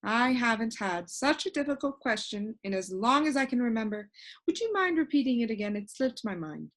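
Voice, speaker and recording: A woman voicing a fussy, scatterbrained, ordinary-sized man who rambles in a bright, raised voice. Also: fairly high pitch, very animated, a little fast. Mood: rambling.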